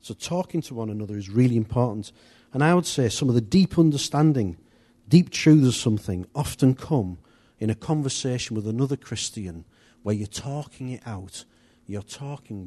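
A man's voice: medium pitch, moderate pace, hardly any pauses, mellow. A man giving an informal, chatty church teaching, rambling a little with restarts and asides. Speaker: church leader.

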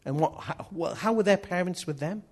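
Husky-voiced man preaching. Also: high voice, brisk, a little mellow. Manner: earnest, repeats key phrases. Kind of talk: sermon.

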